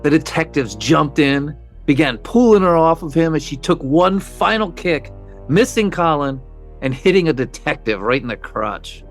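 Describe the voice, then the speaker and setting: A man's voice: a little high, lively intonation, normal speed, faint music behind. Wry male true-crime narrator. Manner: wry, conversational asides. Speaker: podcast co-host.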